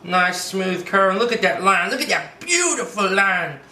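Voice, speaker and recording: Male drawing tutor, playful and upbeat, high bright voice, recorded in an echoey room. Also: expressive, normal speed. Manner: upbeat, playful, calls things "baby", breaks into little sung bits. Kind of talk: casual step-by-step drawing lesson.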